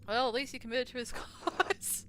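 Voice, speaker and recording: A young woman streaming a game, excitable, swearing and yelling at what happens on screen. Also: fairly high pitch, normal speed, slight background noise. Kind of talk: live game stream commentary.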